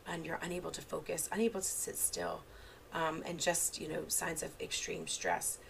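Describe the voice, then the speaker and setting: Woman trainer with a low, gravelly voice; casual, unscripted talk full of "um"s; faint hiss behind. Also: moderate pace. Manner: casual, many filler words and restarts; relates examples from her own parenting. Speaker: therapist giving an online training. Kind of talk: unscripted lecture.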